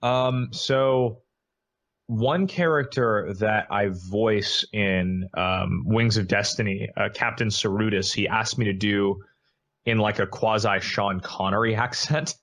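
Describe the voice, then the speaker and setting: A man's voice: on the low side, steady tone, takes it slowly, fairly bright tone. A man guesting on a podcast as a voice actor, easygoing and self-deprecating, laughing along. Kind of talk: casual podcast chat.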